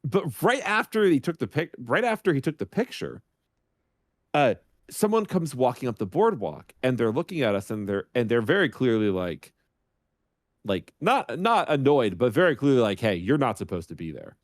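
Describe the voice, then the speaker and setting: Animated storytelling man, lively pitch. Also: moderate pace, dry recording, studio quality. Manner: animated, acts out voices in his anecdotes. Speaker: guest streamer. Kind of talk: casual storytelling on a podcast.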